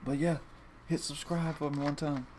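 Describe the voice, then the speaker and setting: A man's voice: on the high side, flat delivery, normal speed, a little mellow, a little hiss or hum. Rambling, profane man talking straight to viewers. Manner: rambling, profane, repeats and restarts a lot. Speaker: fantasy sports video host. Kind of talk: casual monologue to viewers.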